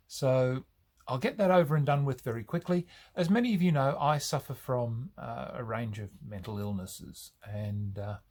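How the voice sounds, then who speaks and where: An Australian man talking to camera in a casual vlog, hesitant and pausing often. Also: mid-range voice. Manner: hesitant, with many pauses and fillers. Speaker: video creator.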